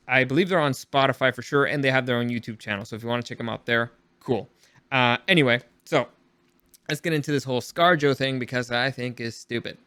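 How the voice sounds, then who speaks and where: A man's voice: medium pitch, pushed and bright, smooth, no echo. A man hosting his own podcast late at night, rambling and opinionated, often correcting himself. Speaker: podcast host. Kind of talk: casual opinion podcast commentary.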